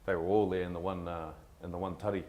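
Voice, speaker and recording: A man with a New Zealand accent telling stories to a live audience in a relaxed, rambling way, mixing Māori words into his English. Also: low voice, quick pace. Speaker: co-presenter of a language workshop. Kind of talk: casual storytelling to a live audience.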